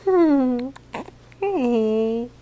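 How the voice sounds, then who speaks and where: Mother, doting baby talk, high voice, unhurried. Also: expressive, dark tone, lo-fi sound. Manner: cooing and affectionate.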